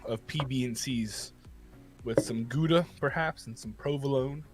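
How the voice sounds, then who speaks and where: A man's voice: mid-range voice, unhurried, over music. A man co-hosting a live morning show, chatting casually while eating. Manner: talking while eating, relaxed. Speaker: co-host. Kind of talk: casual live-stream banter.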